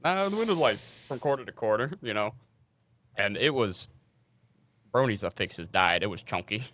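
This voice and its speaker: A young man with a lowish voice tells a work story on a podcast. He talks casually and with energy, swears freely, and acts out the people in his story. The sound is close and dry. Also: lively intonation, normal speed, fairly bright tone, no room sound. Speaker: podcast co-host.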